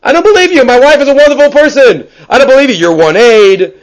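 A man's voice: high voice, unhurried. A man voicing a disbelieving husband who insists on defending his wife, repeating himself. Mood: indignant.

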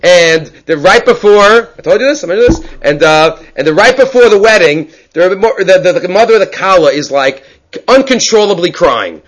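A man teaching a Talmud class, reading Hebrew and Aramaic passages aloud and explaining them in English with animated storytelling. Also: sits high, moderate pace, rough recording. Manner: animated storyteller, many restarts.

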